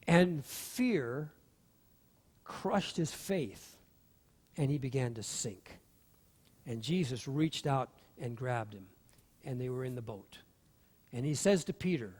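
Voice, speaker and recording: An animated male pastor preaching in a church, his voice sitting a touch high for a man. A long reverb trails each phrase through the hall. He acts out the voices in the stories he tells. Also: moderate pace. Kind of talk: sermon. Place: church sanctuary.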